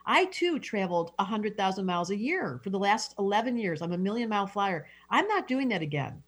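A middle-aged astrologer guest speaks in a very animated, mid-range voice with a breathy edge, talking fairly quickly. Throughout the interview she's effusive and emotional, repeatedly starting her sentences over.

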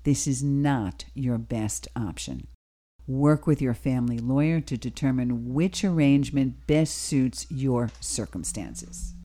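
Woman radio advice host, deep dark tone, measured unhurried delivery. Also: lively intonation. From Bronx, New York. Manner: slow, deliberate, advising. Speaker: radio talk show host. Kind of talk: talk radio advice monologue.

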